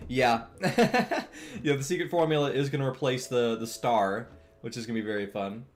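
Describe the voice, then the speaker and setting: A young man streaming as he draws, chatting in a relaxed way, answering chat and laughing often. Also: medium pitch, unhurried. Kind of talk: casual chat while drawing on stream.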